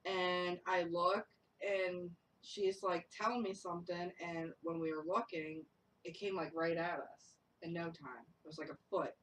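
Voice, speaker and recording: A young woman and paranormal investigator telling a ghost story in casual group chat, lively, laughing often and acting out what people said. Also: fairly low pitch, a little slow. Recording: distant mic with faint noise.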